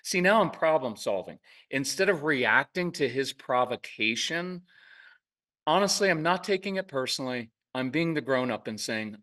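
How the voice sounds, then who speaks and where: A man talking casually in an interview, telling lively parenting stories and acting out parents and kids in quick asides. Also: mid-range voice, far from the mic. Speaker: parenting podcast host and guest expert. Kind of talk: conversational interview.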